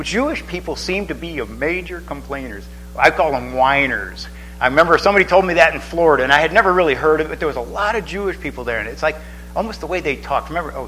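A man's voice: medium pitch, bright, forceful tone, a little hiss or hum, rough recording. A man preaching a sermon in a loose, chatty way, with many restarts and asides. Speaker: pastor.

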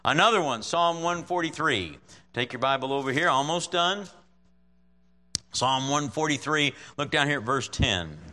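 A man preaching in a relaxed, conversational way, his voice a touch high and bright with a forceful edge. He reads scripture aloud and keeps checking in with his listeners. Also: normal speed. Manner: conversational, checks in with frequent "right?"; chuckles often while preaching. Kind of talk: sermon with scripture reading.

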